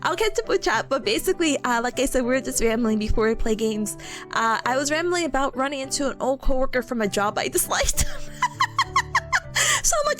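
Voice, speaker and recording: A woman's voice: high-pitched, a bit bright. A young woman streaming and chatting casually, bubbly and giggly, rambling while greeting viewers. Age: young adult. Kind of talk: casual livestream chat.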